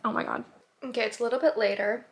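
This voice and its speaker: Young woman, book vlogger, casual chatty delivery, slightly high voice with vocal fry. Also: steady tone, quick pace. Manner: chatty, filler-heavy, drops to whispers at times. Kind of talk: casual reading vlog.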